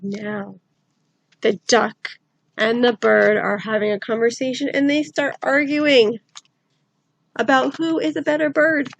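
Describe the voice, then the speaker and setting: A woman's voice: fairly high pitch, unhurried, vocal fry, long pauses, low-quality recording. Playful woman narrating a children's story. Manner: playful, animated, coaxing listeners to move along.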